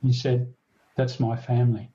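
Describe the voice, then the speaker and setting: Older man, mellow and halting. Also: medium pitch, level tone, muffled recording, a little hiss or hum. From Australia. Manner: earnest, halting, with many restarts. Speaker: retired police detective, guest. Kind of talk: storytelling in a podcast interview.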